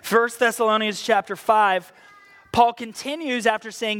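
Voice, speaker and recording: A man preaching a conversational sermon as pastor, reading scripture slowly and with emphasis. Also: very high voice, fairly even intonation, a bit bright. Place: church.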